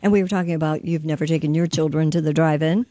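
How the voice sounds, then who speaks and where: A woman's voice: low-pitched, steady tone, fast talker, warm tone, no room sound. A woman co-hosting a morning radio show, chatting and reading short news items. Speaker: radio co-host.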